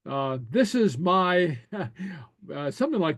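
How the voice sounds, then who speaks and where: Male teacher, slightly high-pitched, dry close sound. Easygoing and halting, chuckles often, says new words slowly for the class to repeat. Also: very animated, dry recording. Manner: unhurried and hesitant, full of okays and chuckles. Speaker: language teacher. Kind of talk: relaxed classroom lesson.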